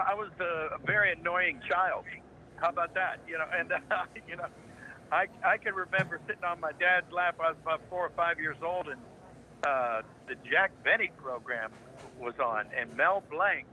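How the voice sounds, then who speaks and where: An older man in his seventies, originally from Ohio, speaking with a very bright, forceful edge. He is a guest in a relaxed interview, spinning jokey anecdotes like a practiced raconteur, his voice sitting a little above the usual male pitch. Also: normal speed, low-quality recording. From Ohio, United States. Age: 70s. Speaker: guest voice actor. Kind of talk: casual interview storytelling.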